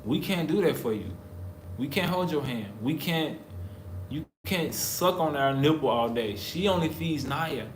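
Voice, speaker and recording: A man's voice: fairly high pitch, lively intonation, unhurried. A man from the United States talking casually to camera, emphatic and preacherly, repeating his points. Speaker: vlogger, husband in couple channel. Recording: roomy echo, faint background noise.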